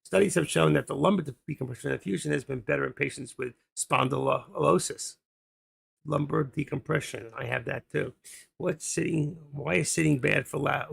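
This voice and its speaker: A man hosts a casual trading live stream, rambling and half-muttering to himself. His voice is heavily gravelly and raspy, sitting a bit higher than most men's. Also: fairly quick.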